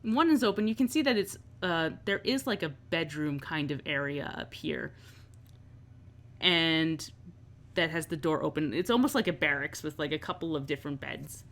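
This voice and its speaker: A woman's voice: low-pitched, lively intonation, normal speed, fairly bright tone. A woman narrating as game master in a tabletop game, in a loose, filler-heavy way.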